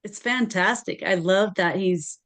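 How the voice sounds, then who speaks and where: A woman hosting a casual interview, speaking at an ordinary pitch. She keeps her remarks short and encouraging, nudging her guest along. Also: a little slow, a bit bright. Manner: brief, encouraging backchannels. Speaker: host.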